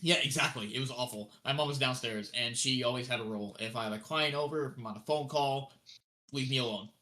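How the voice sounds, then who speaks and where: A young man co-hosting a podcast, telling a story in an animated way, acting out the quoted voices and laughing often. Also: mid-range voice, fast. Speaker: podcast co-host. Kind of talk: casual storytelling chat.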